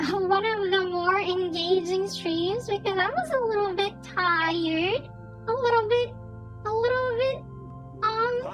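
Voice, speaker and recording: A woman with a very high, light voice chats casually through a game stream, speaking slowly and unhurriedly. She rambles and repeats words as she thinks. Soft music plays faintly behind her.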